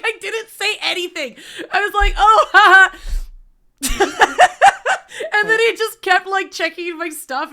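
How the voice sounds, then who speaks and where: A woman streamer casually telling a story to her chat, animated and swearing freely. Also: high voice. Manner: animated, swears freely, breaks into loud laughs.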